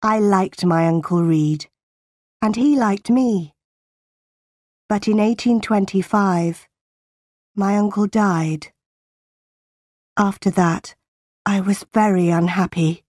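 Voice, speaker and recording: A woman narrating a graded-reader storybook in a clear, deliberate way. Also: medium pitch, darkish tone, no echo, studio quality.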